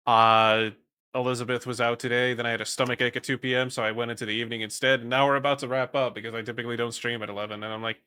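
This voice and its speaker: A man's voice: mid-range voice, bright, forceful tone. A young man from the Netherlands with a Dutch accent, chatting casually on a stream and rambling while reading chat. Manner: rambling, swears casually, reads chat aloud.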